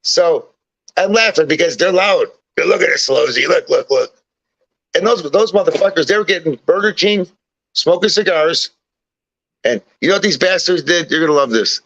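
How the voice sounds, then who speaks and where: Man, guest, fairly high voice, swears his way through rowdy stories, lo-fi recording. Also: normal speed. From Chicago, USA. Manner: profane, animated anecdote-telling. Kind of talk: casual storytelling. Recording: dull lo-fi recording.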